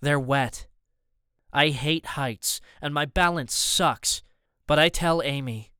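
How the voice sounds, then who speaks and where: A man narrating a tense first-person audiobook in a steady storytelling manner. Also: on the high side, slow, clean tone, dry recording, studio quality.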